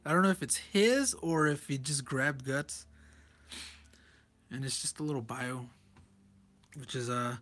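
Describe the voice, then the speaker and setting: A man's voice: mid-range voice, unhurried, pauses often, sharp tone. A man casually reviewing a comic page by page, chuckling often and correcting himself in rambling asides. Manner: chuckles often and reads panel text aloud.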